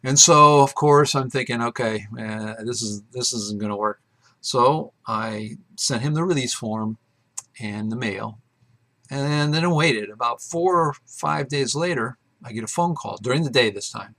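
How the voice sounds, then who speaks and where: A man's voice: mid-range voice, a little slow, sharp tone. A man hosting his own show, telling a personal story in a rambling, casual way with many fillers and restarts. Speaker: host.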